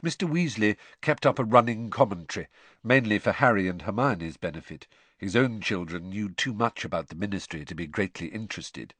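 A man reading a novel aloud as its narrator, his pitch moving lively and expressively through each sentence. The recording sounds close and dry, with no room in it. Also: a little fast, no echo. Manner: expressive storytelling. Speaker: audiobook narrator. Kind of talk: scripted narration.

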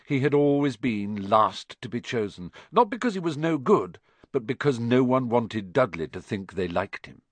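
A man narrating an audiobook with lively, animated delivery, his pitch rising and falling a lot. The recording is dry and close, with no room sound. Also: normal speed, dry recording. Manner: expressive, animated storytelling.

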